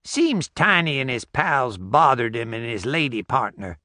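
A man's voice: medium pitch, big pitch swings, unhurried, sharp tone, no echo, clean studio sound. A man voicing a laconic old rural backwoods man with clipped, folksy replies.

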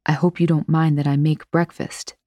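A woman reading the part of a cheerful, talkative young man from Mexico in simple, warm phrases. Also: low voice, flat delivery, normal speed, no room sound, studio quality. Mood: chatty.

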